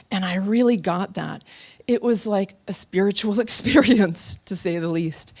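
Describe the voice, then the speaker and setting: Animated woman giving a motivational stage talk. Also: mid-range voice, normal speed. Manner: animated, laughing storyteller. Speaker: motivational speaker. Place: stage before a live audience.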